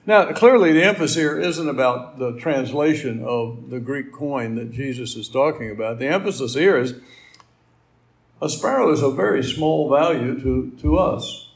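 A man's voice: medium pitch, moderate pace, vocal fry. A middle-aged man giving a conversational sermon, folksy and rambling, with asides and fillers. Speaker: preacher.

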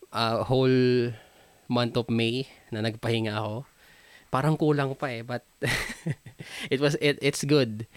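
A man's voice: medium pitch, no room sound. A man with a Filipino accent chats alone on his podcast, loose and rambling, trailing off into fillers. His voice sits in an ordinary middle range. The recording is dry and close, with no room sound. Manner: relaxed, switching between English and Tagalog, many fillers and laughs. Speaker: podcast host. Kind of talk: casual solo podcast chat.

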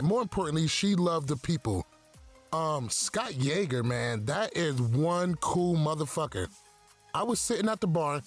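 A man co-hosting a podcast in casual chat, loose and profane, laughing at his own jokes. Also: fairly high pitch. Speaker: podcast co-host.

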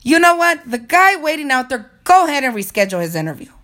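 A woman's voice: fairly high pitch, sing-song, normal speed. A woman voicing a stern middle-aged female interviewer who lectures firmly about standards. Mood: annoyed.

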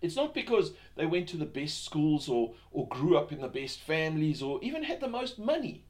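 Rambling, higher-voiced man hosting a podcast. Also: big pitch swings, normal speed, darkish tone. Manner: rambling, many fillers and restarts; rhetorical questions. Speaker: podcast host. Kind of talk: self-help podcast monologue.

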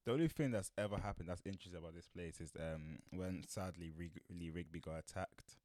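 A man's voice: low voice, brisk, a little mellow, no room sound. A young man with a South London accent, co-hosting a casual podcast chat in laid-back slang and laughing often. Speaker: podcast co-host.

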